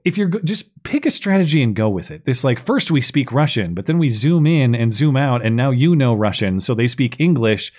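A man's voice: mid-range voice, fairly quick, few pauses. A man hosting a podcast, chatting casually and sarcastically as he picks apart a film. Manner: chatty, sarcastic, animated complaining. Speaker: podcast host. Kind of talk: casual chat reviewing a film.

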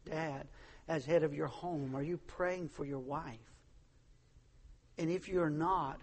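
Husky preacher man in a reverberant hall. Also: a little high, steady tone, slow, long pauses. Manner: impassioned preaching, swings from hushed to loud. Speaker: pastor. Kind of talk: sermon.

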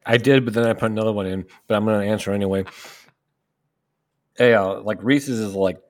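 Laid-back low-voiced man co-hosting. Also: fairly quick. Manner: relaxed, filler-heavy, deadpan humor. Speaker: podcast co-host. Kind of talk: casual fantasy football chat.

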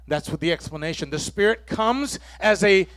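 A high-voiced man preaching to his congregation, prompting them with "amen?" and pushing his voice toward a shout at the peaks. The sound is close and dry. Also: normal speed, no echo. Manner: call-and-response preaching, frequent "amen?", rising to near shouts. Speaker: pastor. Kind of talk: sermon.

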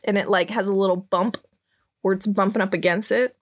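A woman's voice: medium pitch, steady tone, fairly quick. A woman podcast host chatting casually through a comic, giggly and full of fillers. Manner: giggly, lots of "like". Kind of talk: casual chat describing a comic.

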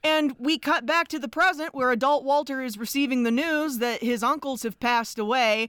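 A woman co-hosting a podcast, chatting about a film with expressive, laughing reactions. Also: high-pitched, normal speed, smooth, no echo, studio quality. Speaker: podcast co-host. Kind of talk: casual chat recapping a film.

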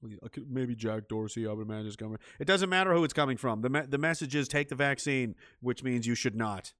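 A man's voice: medium pitch, lively intonation, fast talker, a bit bright, no echo, clean studio sound. A middle-aged man giving ranting, sarcastic political commentary on a livestream and reading out chat messages, with lots of profanity and scorn.

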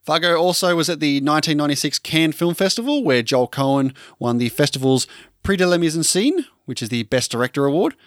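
A man's voice: a little high, animated, a little fast, dry recording, studio quality. An Australian man co-hosting a casual film podcast, reading out film trivia with chatty asides. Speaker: podcast co-host.

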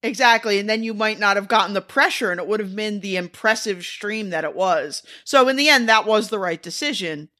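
A woman's voice: mid-range voice, brisk, hardly any pauses, pushed and bright. A woman co-hosting a podcast, chatting casually with dry, wry remarks and frequent laughter. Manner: dry, wry, laughs often, swears freely. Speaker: podcast co-host. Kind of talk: casual chat.

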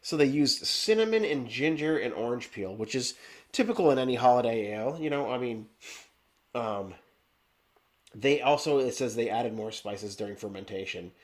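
A man's voice: mid-range voice, lively intonation, moderate pace. Brief: man, stuffy nose, podcast beer reviewer on a video call, meandering and full of fillers. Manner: rambling, many fillers and restarts. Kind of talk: casual chat.

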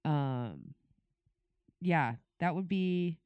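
A woman's voice: sits low, expressive, extremely slow, smooth, dry recording, phone-quality sound. A woman co-hosting a podcast in casual chat, laughing often and swearing freely. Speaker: podcast co-host.

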